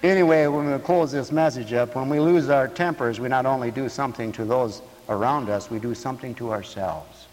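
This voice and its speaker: A man's voice: mid-range voice, brisk, few pauses, darkish tone, long reverb tail. A man preaching a sermon to a radio audience, telling stories and acting out the voices of people in them.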